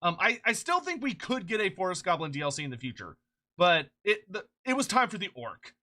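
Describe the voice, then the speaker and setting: A streamer chatting casually on a live stream, excitable and rambling, swearing freely and laughing often, short on sleep. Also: medium pitch, a little fast. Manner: rambling with frequent restarts.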